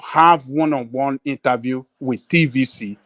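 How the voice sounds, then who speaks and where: A man's voice: medium pitch, unhurried, a bit bright, no room sound. Insistent Nigerian man in heated debate. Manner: insistent, hesitant, mixes in Pidgin. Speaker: panelist.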